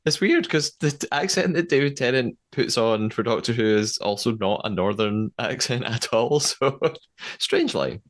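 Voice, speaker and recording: Man cohost on a tv chat podcast, average pitch, kinda hesitant, keeps chuckling. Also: lively intonation, normal speed, fairly bright tone. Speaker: podcast co-host, newcomer to the show.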